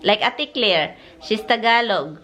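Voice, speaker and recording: A woman's voice: mid-range voice, lively intonation, takes it slowly, pushed and bright. A woman in her thirties with a Filipino accent, chatting casually on her vlog and patiently explaining things. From Philippines. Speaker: vlogger. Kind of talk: casual chat mixing English and Tagalog.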